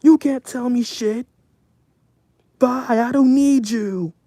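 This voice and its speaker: A man putting on the voice of an ungrateful young friend, whining defensively in a shrill, mocking tone. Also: slow pace, warm tone, dry recording, full character voice. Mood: indignant.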